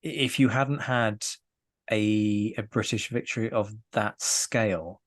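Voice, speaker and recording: Lower-voiced man, animated guest. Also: a little slow. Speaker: guest historian. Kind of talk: casual history discussion.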